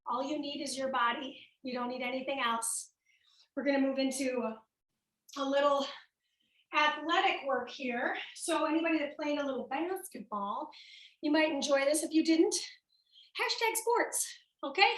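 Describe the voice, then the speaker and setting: A high-pitched Midwestern woman leads a workout class, upbeat and a bit out of breath as she calls out each move. She sounds set back from the mic, and the room around her rings a little. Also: a bit bright, very echoey, recorded from a distance, poor audio. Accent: American Midwestern. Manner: upbeat, cueing moves while exercising. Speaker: fitness instructor. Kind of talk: coaching a home workout class.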